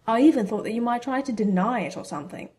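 A woman's voice: a little high, expressive, fast, a little mellow, natural voice. Woman reader doing a blunt, scheming schoolboy wizard; brash and teasing. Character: scheming teenage boy wizard, cheeky and blunt.

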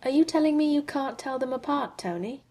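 A reader doing a calm, gently teasing woman. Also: high voice, a little fast, voice pushed up. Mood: amused. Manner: soft, amused.

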